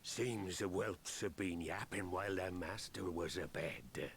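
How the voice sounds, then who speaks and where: An actor playing an older, gruff pirate captain who talks in old-fashioned pirate speech and gives stern, rousing speeches. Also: male voice, low voice, takes it slowly, slight background noise, heavily acted. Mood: scornful. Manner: scolding, rousing oratory. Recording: game audio under music.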